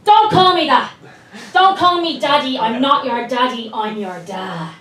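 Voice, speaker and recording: A man's voice: very high-pitched, sing-song, a little fast, a bit bright, far from the mic, full character voice. A woman voicing a touchy, defensive older dad who grumbles, on an echoey club mic with a crowd. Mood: indignant.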